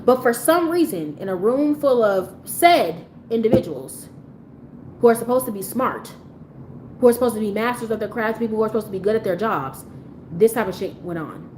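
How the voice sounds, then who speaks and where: A woman on a live stream delivers a blunt, profane commentary rant in a fairly high voice. Her pitch swings widely as she presses her point with disbelief. A faint noise sits under the recording. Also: expressive, normal speed, darkish tone, low-quality recording.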